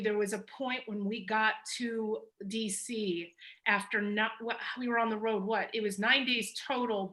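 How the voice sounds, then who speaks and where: A woman filmmaker on a panel, telling an emotional story with animated energy and laughing now and then. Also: a little high, low-quality recording.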